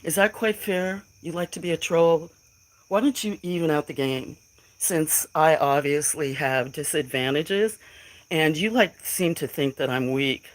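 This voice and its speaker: A middle-aged woman with a deep, unhurried voice answers trolls defiantly and emotionally while talking to her chat on a casual phone livestream. The recording is rough.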